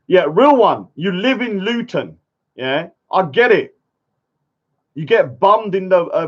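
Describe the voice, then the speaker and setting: A man, ranting casually on a livestream and arguing his point, often tagging lines with "yeah?". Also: a little high. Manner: argumentative, keeps adding "yeah?" tags. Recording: dull lo-fi stream audio.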